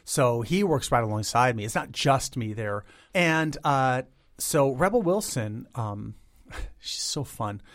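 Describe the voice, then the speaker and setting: A man in his fifties, a guest in an interview, talking in an animated, chatty way and imitating instruments with his voice. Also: mid-range voice, slow. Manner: chatty, many "like" fillers. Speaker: guest, a cappella arranger. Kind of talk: interview conversation.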